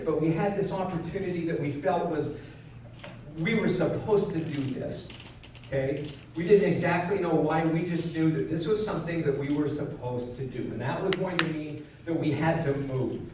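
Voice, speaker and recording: A middle-aged man giving a motivational keynote, telling a personal story in an earnest way that moves from loud to hushed. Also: a little high, a little hiss or hum. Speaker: keynote speaker. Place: large event hall. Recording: echoey hall, mic at a distance.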